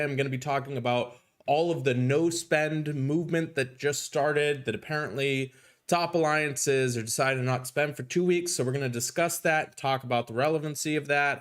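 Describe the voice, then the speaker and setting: A man's voice: medium pitch, fairly even intonation, fairly quick. A man hosting a casual game live stream, upbeat and chatty as he greets viewers by name.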